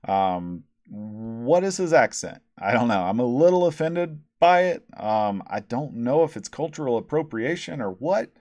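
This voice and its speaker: A man's voice: mid-range voice, darkish tone, dry recording, clean studio sound. A man hosting a casual, profane album review, rambling and sarcastic, with many ums and restarts. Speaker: podcast host reviewing albums.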